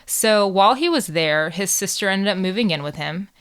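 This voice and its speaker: A woman's voice: mid-range voice, expressive, normal speed, a bit bright, clear, resonant tone. An American woman co-hosting a true crime podcast, telling the case in casual chat with jokes and swearing. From United States. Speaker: podcast co-host.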